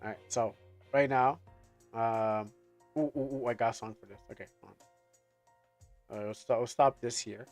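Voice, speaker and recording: A man's voice: medium pitch, fairly even intonation, normal speed, long pauses, a little mellow, soft background music. A man streaming casually, rambling through stories with lots of fillers and restarts.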